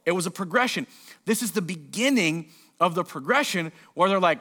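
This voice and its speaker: A man with a notably high voice preaches a sermon as pastor. He reads scripture passages, then breaks into loose, conversational asides, acting out lines in quick put-on voices. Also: lively intonation, sharp tone.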